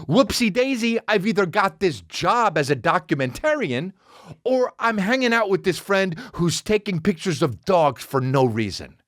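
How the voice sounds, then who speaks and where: Animated, exasperated male podcast host. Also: high-pitched, normal speed, no echo, studio quality. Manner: exasperated, profane, animated ranting. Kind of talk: comedic storytelling rant.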